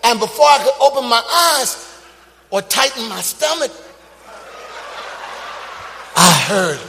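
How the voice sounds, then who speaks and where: High-voiced preacher shouting testimony. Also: male voice, expressive, slow, gravelly, slight background noise. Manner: dramatic, swings between quiet telling and shouting. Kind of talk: sermon storytelling. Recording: reverberant hall with loud ambience.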